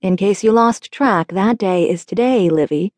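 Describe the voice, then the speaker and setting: A woman's voice: mid-range voice, unhurried, darkish tone, no room sound, close to an everyday voice. A woman doing a stern, scolding dad. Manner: firm, scolding. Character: stern but loving father, middle-aged. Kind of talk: audiobook character voice.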